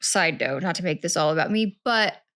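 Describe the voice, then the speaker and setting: Woman, podcast co-host, chatty, animated, casual chat. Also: on the low side, moderate pace, no room sound, studio quality.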